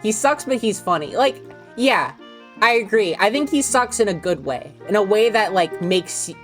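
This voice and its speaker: A woman's voice: medium pitch, big pitch swings, normal speed, soft background music. A woman casually chatting and swearing while streaming a video game, rambling with frequent laughs.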